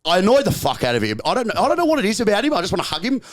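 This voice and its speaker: Fast-talking Australian man, profane and emphatic. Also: high voice, wildly swooping pitch. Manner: repetitive restarts and rapid bursts. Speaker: podcast guest. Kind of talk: casual podcast chat.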